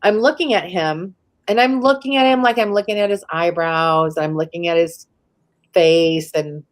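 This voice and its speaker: This live-interview guest, a woman from the San Francisco Bay Area, speaks at normal speed in a voice on the low side. Her personal story comes out casual and candid, full of "like" and free swearing.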